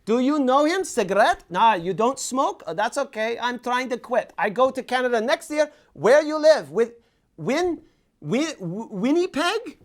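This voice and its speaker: A man voicing a pushy, loud market vendor who calls out to passers-by insistently. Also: extremely high pitch, very animated, measured pace, heavily acted. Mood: hawking. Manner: shouting, insistent, chatty.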